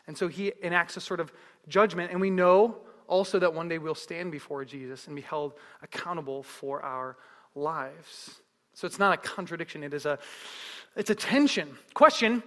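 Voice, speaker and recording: A man preaching a sermon as pastor, telling stories in a lively way and asking the crowd one question after another. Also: a little high, normal speed, in a large hall. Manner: lively storytelling with repeated rhetorical questions.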